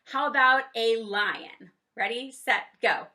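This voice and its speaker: Bright, lively woman teaching kids drama. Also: slow. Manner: encouraging, cueing exercises with "ready, set, go"; demonstrates high, low and silly voices. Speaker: children's theater teacher. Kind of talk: online drama lesson for kids.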